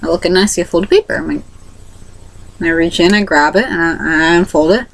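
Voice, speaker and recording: A woman's voice: lowish voice, lively intonation, a little fast, vocal fry, poor audio. A young woman vlogger telling a personal story casually to camera, rambling with many fillers and restarts.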